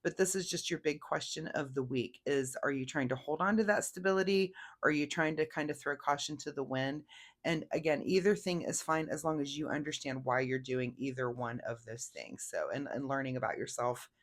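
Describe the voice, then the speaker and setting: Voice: medium pitch, brisk. Chatty, rambling tarot reader. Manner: rambling and chatty, many fillers. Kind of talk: casual weekly tarot reading.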